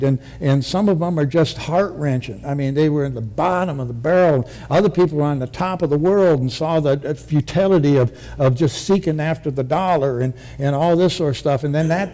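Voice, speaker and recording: A man's voice: fairly high pitch, mellow. A man giving his testimony as a lay preacher in church, folksy and joking, with a rambling manner.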